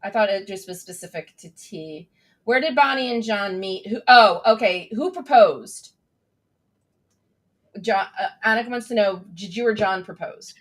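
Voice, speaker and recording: A woman's voice: medium pitch, normal speed, a bit bright. A young adult woman hosting a casual livestream chat, bubbly and enthusiastic as she reads out viewer comments. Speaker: host.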